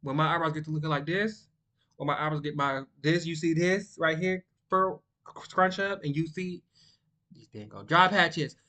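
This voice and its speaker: A young man, chatting casually and rambling to the camera, by his own account monotone. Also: a little high, moderate pace. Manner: rambling, sidetracked, self-described monotone. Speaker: vlogger.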